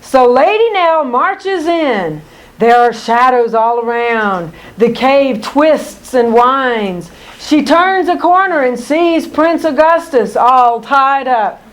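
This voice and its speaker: A woman narrating a children's picture book aloud in an expressive, deliberate way. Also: high voice.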